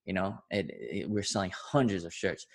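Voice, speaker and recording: A man's voice: deep voice, sing-song, moderate pace, creaky. A man hosting a podcast, telling a long rambling story with lots of swearing and laughter. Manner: rambling, profane, laughs often. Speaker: podcast host. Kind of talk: casual storytelling.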